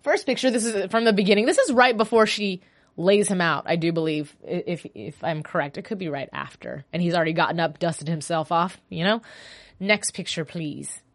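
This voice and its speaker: A woman hosts a fan after-show podcast all by herself, chatting casually. Her delivery is animated and gushing, with loose, conversational phrasing. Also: lowish voice, brisk. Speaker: solo podcast host. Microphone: podcast mic.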